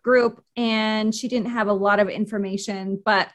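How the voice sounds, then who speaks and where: A woman's voice: medium pitch, fairly even intonation, unhurried. A woman co-hosting a podcast, chatting casually and chiming in with brief reactions. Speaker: podcast co-host. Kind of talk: casual chat.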